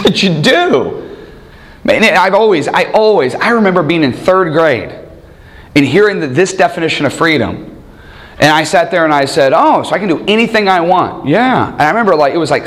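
A man preaching a sermon, animated, acting out quoted voices and asking rhetorical questions. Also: on the high side.

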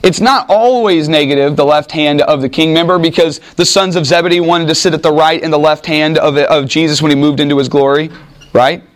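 A man's voice: fairly high pitch, fairly even intonation, a little fast. A man preaching a sermon in a conversational way, reading scripture aloud and acting out the voices in it. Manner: conversational, acts out voices in Bible stories. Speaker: pastor.

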